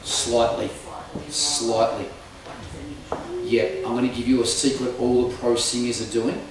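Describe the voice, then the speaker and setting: A man's voice: mid-range voice, level tone, unhurried. A man teaching a live group singing lesson, energetically demonstrating sung vocal slides. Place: hall with a live audience. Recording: echoey room, far from mic, loud music.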